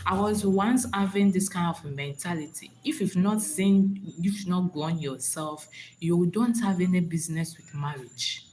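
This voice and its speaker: A woman with a lowish, slightly mellow voice speaks at a measured pace on a low-quality recording with some hiss or hum. She hosts a live stream of motivational advice, preachy and repetitive, often asking if listeners understand.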